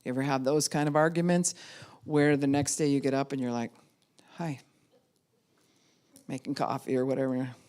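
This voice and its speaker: Woman pastor, low voice, middle-aged, animated sermon, acts out quoted voices. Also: fast.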